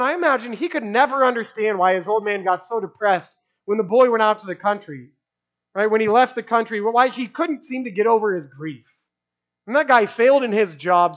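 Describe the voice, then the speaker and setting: A man preaching a sermon to a live congregation, conversational, often asking "right?" and dropping to a hushed voice for emphasis. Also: high-pitched. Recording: dull lo-fi sound.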